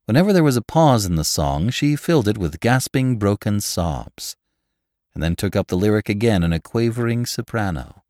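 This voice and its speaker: Man, narrator, very low voice, dry studio sound, expressive reading. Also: moderate pace, no room sound. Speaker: audiobook narrator. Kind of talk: scripted narration of a classic novel.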